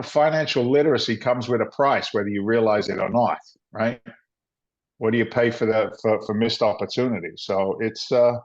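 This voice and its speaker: Man, middle-aged, guest storyteller, blunt and animated, medium pitch, dull lo-fi sound. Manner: animated storyteller, acts out dialogue, blunt and salty. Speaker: guest, former firefighter turned real estate investor. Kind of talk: conversational storytelling. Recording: dull lo-fi audio.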